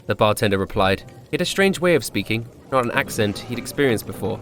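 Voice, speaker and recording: A man's voice: lowish voice, expressive, fairly quick, hardly any pauses, fairly bright tone, a little hiss or hum. Man narrating a wry fantasy tale. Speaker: player narrating a character backstory. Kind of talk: storytelling narration.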